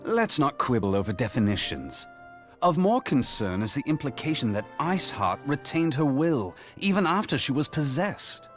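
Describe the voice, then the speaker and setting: A man's voice: mid-range voice, big pitch swings, moderate pace, soft background music, lightly acted. A man voicing a serious adventurer in a video game, matter-of-fact in manner.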